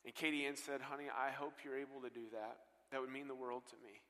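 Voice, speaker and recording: Guy preaching, bright voice, long echo off a big church hall, goes from loud to hushed. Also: medium pitch, level tone, brisk. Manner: earnest storyteller, swings between loud bursts and hushed lines. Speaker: guest pastor. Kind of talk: sermon storytelling.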